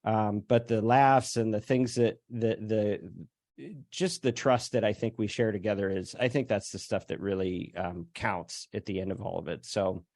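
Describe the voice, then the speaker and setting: A man hosting a casual chat on a video call, speaking thoughtfully with many pauses and fillers. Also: on the low side, steady tone, a little mellow, dry recording, studio quality. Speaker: host.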